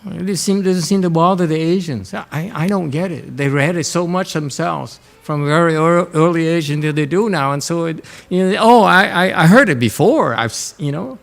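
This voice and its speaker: A man teaching Chan meditation to students in a Dharma lecture, blunt and direct, often pausing to check in. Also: a little high, creaky. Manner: blunt, frequently checks in with "Okay?".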